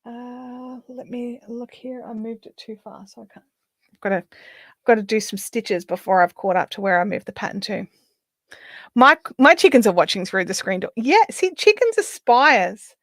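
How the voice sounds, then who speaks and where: Middle-aged Australian woman, craft-stream host, fairly high voice, rambling and chatty, close dry sound. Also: lively intonation, moderate pace, dry recording. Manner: chatty storytelling, often trailing off into quiet asides. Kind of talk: casual chat while crafting.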